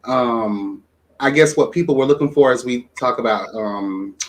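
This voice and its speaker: A man reviewer on a discussion panel, pressing a guest with measured questions about accountability. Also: mid-range voice.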